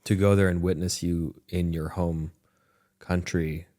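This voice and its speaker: Male podcast host with a very deep voice, earnest and reflective storyteller, often restarts his sentences. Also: level tone, measured pace, dark tone. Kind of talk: candid conversation.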